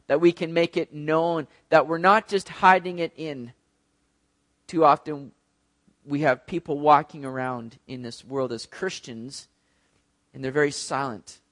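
Male preacher, casual sermon delivery, slightly high voice, lots of fillers. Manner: conversational, with many fillers and restarts; addresses the congregation directly.

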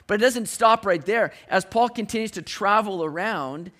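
A man delivers a sermon in a relaxed, talky way, stumbling over and restarting his phrases. His voice sits high for a man, and he throws in everyday slang as he explains the story. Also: normal speed. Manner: conversational, frequent restarts, modern slang asides. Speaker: preacher.

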